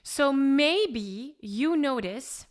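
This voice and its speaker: A woman vocal coach explaining pitch step by step in an encouraging way, with short sung demonstrations. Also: lively intonation, very slow, music in the background. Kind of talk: singing lesson with sung demonstrations.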